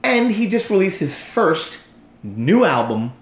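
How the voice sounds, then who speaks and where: A bold, blunt man tells his story with real emphasis, acting out every quote as he goes. His pitch swings widely up and down, and the room around him has a noticeable echo. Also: big pitch swings, unhurried. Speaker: podcast guest telling a testimony. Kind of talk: animated casual storytelling.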